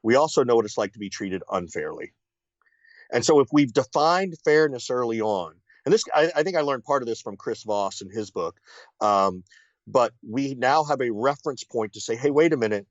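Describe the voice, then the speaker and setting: Man, mid-pitched voice, confident sales teacher, lots of "right?", slightly dull lo-fi sound, dry. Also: animated, normal speed, dry recording. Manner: confident, teacherly, with many fillers and rhetorical "right?". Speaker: sales consultant, guest. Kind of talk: interview, explaining ideas.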